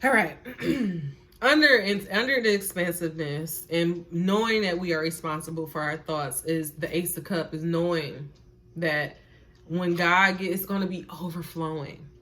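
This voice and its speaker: A woman's voice: fairly low pitch, normal speed, fairly bright tone. Woman, tarot reader, casual spiritual reading, emphatic, repetitive, swears freely. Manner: earnest, preacher-like encouragement.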